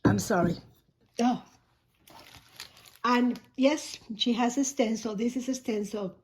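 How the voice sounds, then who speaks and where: A woman vlogger, hoarse and coughing, chatting casually as she unboxes and packs a gift box, often rambling and correcting herself. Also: a little high, slow pace, slight background noise. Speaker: shoebox-packing vlogger.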